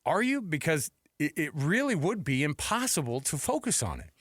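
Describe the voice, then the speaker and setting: A man's voice: a little high, sing-song, moderate pace, a bit bright, no room sound, studio quality. A man co-hosting a sports radio show, talking emphatically and acting out quotes with rhetorical questions. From United States. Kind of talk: animated sports talk.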